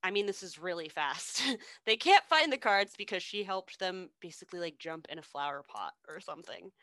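A woman casually retelling a story as a podcast co-host, loose and unhurried, with lots of fillers and swearing. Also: fairly low pitch, expressive, bright, forceful tone, no echo.

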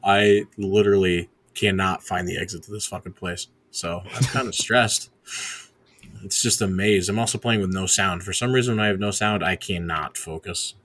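A man's voice: sits low, steady tone, moderate pace, few pauses, fairly bright tone. A man chatting as a podcast co-host, sounding exasperated and swearing often. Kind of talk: casual chat.

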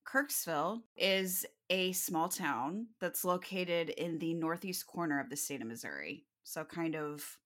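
An animated woman hosts a casual podcast, her lowish voice swinging up and down with lots of expression. She swears freely and jokes her way into the story. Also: unhurried, hardly any pauses. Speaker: podcast co-host.

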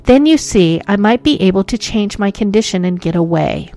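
A woman voicing a sad, lonely male ghost who speaks quietly and mournfully in an odd, faraway voice. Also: mid-range voice, expressive, moderate pace, dry recording, lightly acted. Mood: sorrowful.

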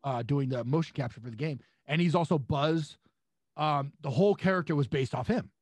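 A young man with a husky, slightly higher voice tells a story with animated energy. He slips into voices for the people he quotes. The sound is dry and close. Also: fairly quick, dry recording. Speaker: pro wrestler guest. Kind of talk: storytelling anecdote.

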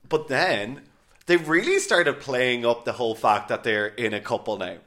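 A man's voice: mid-range voice, normal speed, a bit bright. A man co-hosting a podcast in casual chat, swearing freely and filling his talk with "like". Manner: chatty, swears freely, many "like" fillers. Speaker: podcast host.

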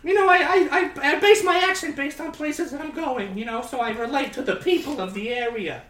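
A man doing a shrieking falsetto woman politician. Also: a little fast, a bit bright, echoey room. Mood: shrill. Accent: New Jersey. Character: shrill impression of a female presidential candidate.

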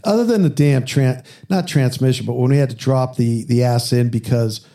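A man's voice: medium pitch, normal speed, warm tone. A man hosting a casual car podcast, swearing freely and acting out both sides of his quoted arguments. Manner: profane storyteller who acts out quoted exchanges.

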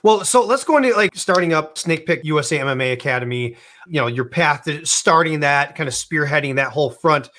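A man's voice: fairly high pitch, lively intonation, brisk, pushed and bright. A man hosting an interview, talking casually and enthusiastically with lots of fillers. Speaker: podcast host.

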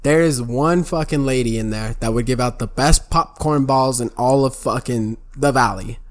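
A man's voice: mid-range voice, normal speed. A young man co-hosting a podcast, telling loose, profane stories and saying "bro" and "dude". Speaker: podcast co-host. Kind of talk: casual chat.

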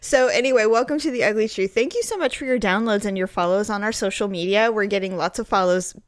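A woman's voice: mid-range voice, fast, dry recording, studio quality. A woman in her forties co-hosting a podcast in casual chat, blunt and chatty, laughing often, with a groggy allergy-worn morning voice. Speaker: podcast co-host.

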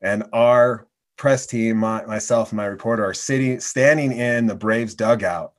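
A man hosting a casual chat, telling quick, excited anecdotes. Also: fairly low pitch.

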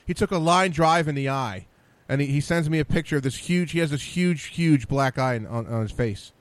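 Male host, rapid casual chatter, fairly high voice, stumbles on sentence starts. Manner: quick, repeats words as he starts sentences. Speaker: talk show host. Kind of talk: casual interview chat.

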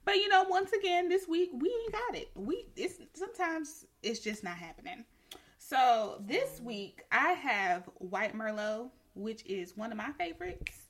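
A woman's voice: high-pitched, sing-song, measured pace. A woman hosting a podcast, chatty and giggly in casual chat. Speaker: podcast host.

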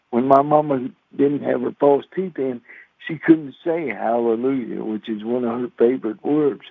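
A man's voice: mid-range voice, gravelly, dry recording. A man, preaching on the radio with a folksy, repetitive storytelling manner. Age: 60s. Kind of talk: radio sermon with personal story. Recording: dry phone-like radio sound.

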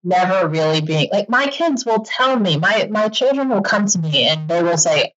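A middle-aged woman chatting candidly as an interview guest, animated and quick to laugh. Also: on the low side, highs cut off. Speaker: podcaster and author guest. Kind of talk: casual interview chat.

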